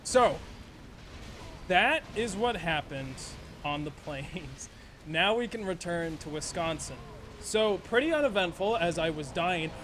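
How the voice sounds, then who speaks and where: A man's voice: high-pitched, expressive, slow pace, a bit bright, slight background noise. A young man streaming a game, chatting in a rambling, profane way and laughing often. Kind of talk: casual gameplay chat.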